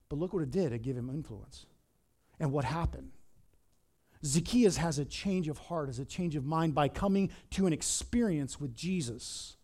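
A male pastor preaching a sermon, telling a story in an animated, emphatic way. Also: on the high side.

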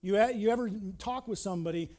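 A middle-aged man preaching a sermon as pastor, animated and repetitive, swinging between loud and quiet delivery. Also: high-pitched, fast talker.

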